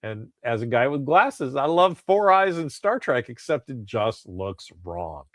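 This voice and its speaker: A man co-hosting a podcast in casual chat, chatty and animated. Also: medium pitch, measured pace, no room sound, clean studio sound. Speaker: podcast co-host.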